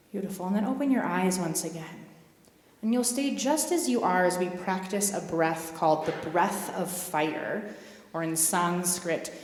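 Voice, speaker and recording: A woman guides a group through yoga postures and breathing in a calm, gently inviting voice. Her cues land in a large hall that rings with long reverb. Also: fairly low pitch. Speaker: yoga guide at a spiritual center. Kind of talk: guided movement and breathing instruction.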